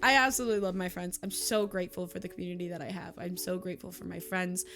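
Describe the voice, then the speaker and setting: A woman's voice: lowish voice, steady tone, fast talker, fairly bright tone, soft background music. A young woman, chatting casually to camera in a vlog, emotional and gushing, laughing often and teary. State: tearful. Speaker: YouTuber and streamer. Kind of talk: casual monthly vlog chat.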